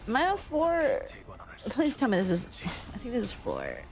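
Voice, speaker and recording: A woman's voice: a little high, wildly swooping pitch, normal speed, over music. A woman streamer chatting casually over gameplay. She swears freely, laughs often and reads chat aloud.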